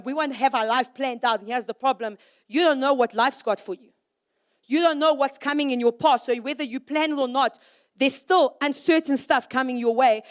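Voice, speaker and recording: A young woman giving a sermon to young people in a lively, conversational way, firing rhetorical questions at the audience and acting out little scenes. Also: sits high. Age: young adult. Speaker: youth speaker. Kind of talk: youth sermon.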